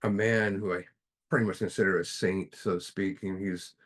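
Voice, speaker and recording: Middle-aged man, low voice, casual study-group speaker, halting delivery full of fillers. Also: fairly even intonation, fairly bright tone. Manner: halting, with restarts and many fillers. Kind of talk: casual spiritual talk with storytelling.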